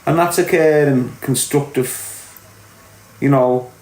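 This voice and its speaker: A middle-aged podcast host from Liverpool speaks slowly in a mid-range, darkish voice. He rants to camera in an unscripted, blunt, and sweary lecture. The recording carries a roomy echo and faint music.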